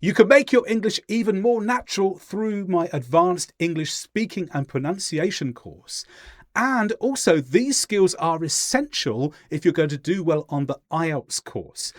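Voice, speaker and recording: A man teaching English pronunciation in a clear, deliberate lesson voice, demonstrating example sentences slowly. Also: a little high, no echo, clean studio sound. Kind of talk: scripted lesson narration.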